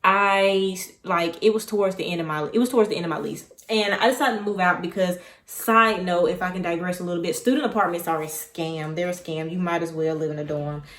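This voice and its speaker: A young vlogger's fairly low voice moves quickly, with hardly any pauses, as she animatedly relives a story and keeps wandering off on side tracks. The room echoes.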